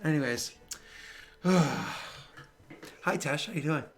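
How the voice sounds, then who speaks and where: Animated, swearing man game master. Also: a little high, very slow, vocal fry, soft background music. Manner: animated storytelling, swears freely, acts out friends' reactions. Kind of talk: casual chat.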